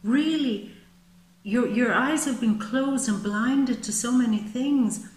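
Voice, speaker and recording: A woman giving a monthly tarot reading, expressive and repeating words for emphasis. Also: a little high, slow pace. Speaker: tarot reader. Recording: roomy echo.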